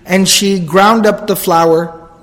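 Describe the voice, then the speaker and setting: A man's voice: high voice, fairly even intonation, slow, a bit bright, big-room sound. A man giving a storytelling religious lecture, earnest and explanatory, repeating phrases for emphasis and reciting Arabic quotes fluently.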